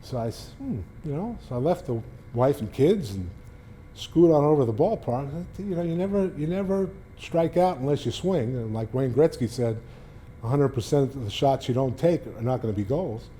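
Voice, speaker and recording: A middle-aged man from New York, a sportswriter, telling animated stories and jumping up in pitch when he quotes people. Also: moderate pace, slight background noise. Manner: animated storyteller, raises pitch for quoted lines. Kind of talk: storytelling talk.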